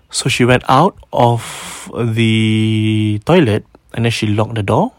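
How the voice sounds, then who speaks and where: A man's voice: on the low side, a little slow, no echo, studio quality. A man with a Singaporean accent hosting a podcast, casually retelling a ghost story, mixing in Malay phrases and often repeating words as he goes. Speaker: podcast host.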